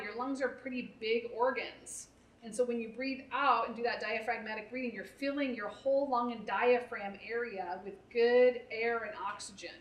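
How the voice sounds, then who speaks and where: Woman, therapist, parent workshop, somewhat high voice, conversational coaching. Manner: conversational, coaching, frequent "right?" check-ins. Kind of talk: live workshop talk.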